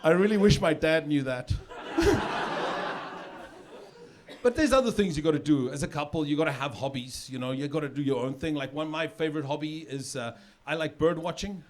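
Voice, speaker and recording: High-voiced stand-up comic man. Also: brisk. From South Africa. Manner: conversational, with filler repeats and sudden shouted punchlines. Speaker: stand-up comedian. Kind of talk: stand-up comedy set. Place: comedy stage with a live audience. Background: audience laughter.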